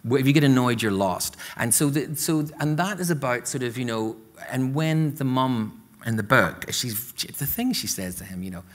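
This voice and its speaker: A man's voice: mid-range voice, lively intonation, moderate pace, few pauses, long reverb tail. A Northern Irish man, an author, talking at length in a literary interview and filling his sentences with "you know". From Northern Ireland. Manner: talkative, peppered with "you know" fillers. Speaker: author guest. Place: literature event stage.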